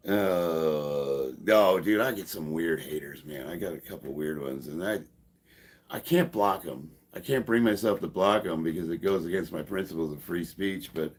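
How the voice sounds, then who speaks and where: Low-pitched man, husky voice, fifties, sarcastic streamer, swears often. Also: lively intonation, normal speed. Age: 50s. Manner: profane, sarcastic, laughs often. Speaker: powerlifter streamer. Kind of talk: casual live stream chat.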